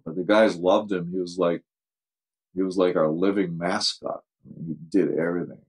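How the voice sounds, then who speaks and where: An older man with a very low, deep voice spins casual stories from his coaching days. He laughs easily and slips into the voices of the people in his tales. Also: moderate pace, slightly rough, rough recording. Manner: animated anecdotes, acts out quoted voices, laughs often. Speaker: football coach guest. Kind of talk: casual storytelling interview.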